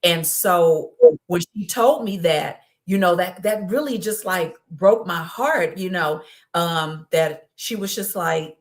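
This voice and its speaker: A woman's voice: fairly low pitch, slow. A middle-aged woman, a guest speaker, telling her story in an interview with heartfelt, building energy. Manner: heartfelt storytelling, rising with excitement. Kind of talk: conversational interview.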